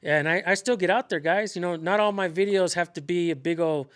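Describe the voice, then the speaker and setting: Rambling man, slightly high voice. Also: quick pace, a bit bright, clean tone. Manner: rambling, frequent fillers and restarts. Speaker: channel host, activist. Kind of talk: casual conversation.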